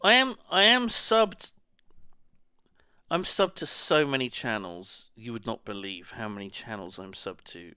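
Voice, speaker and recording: Man, streamer, slow rambling chat, bright tone, dry close sound. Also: medium pitch, expressive, smooth, dry recording. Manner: rambling, muttering to himself while browsing. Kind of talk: casual live-stream chat.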